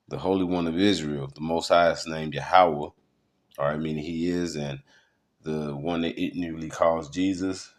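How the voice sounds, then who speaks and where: A man teaching in a loose sermon style, rambling through web articles with many fillers. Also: low voice. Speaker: preacher.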